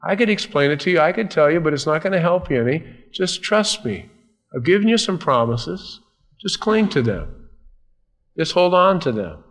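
A man's voice: a little high, very animated, moderate pace, big-room sound, pitched above the performer's own voice. A man voicing God as an exasperated but patient father figure, blunt and scolding, in a sermon.

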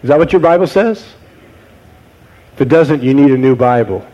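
A man preaching a sermon, posing rhetorical questions to his congregation and dropping to low, quiet tones for emphasis. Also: expressive, normal speed, highs cut off. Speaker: pastor.

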